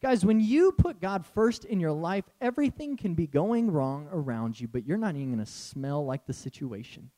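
Male pastor, sermon delivery, high voice with big swings, animated and casual. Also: normal speed, hardly any pauses. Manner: animated, conversational, laughs often.

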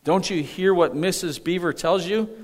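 A man's voice: high voice, normal speed, pitched above the performer's own voice, close to an everyday voice. A man voicing an insistent male beaver while reading a storybook in a sermon. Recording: echoey hall.

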